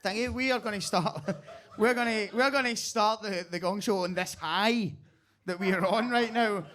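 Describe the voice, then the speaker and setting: A man's voice: sits high, a bit bright. A man hosting a comedy gong show in a club basement, loose, rambling and crude, laughing as he talks. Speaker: comedy night host.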